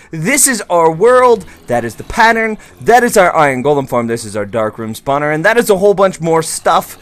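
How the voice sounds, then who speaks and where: A young man hosting a game commentary, bubbly and gushing, swinging from excited squeals to quiet mumbles. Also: fairly high pitch, moderate pace, hardly any pauses. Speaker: gaming video host. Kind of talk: excited Minecraft let's play commentary.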